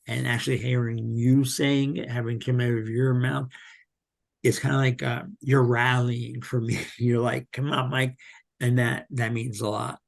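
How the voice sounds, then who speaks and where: A man speaking slowly and haltingly as a podcast guest, with many pauses and fillers, telling his story candidly. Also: medium pitch, flat delivery, vocal fry. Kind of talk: candid personal interview.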